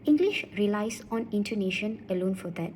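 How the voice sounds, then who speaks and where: A woman giving a student class presentation, reading in a steady, soft-spoken way. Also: medium pitch, moderate pace, a little hiss or hum, rough recording.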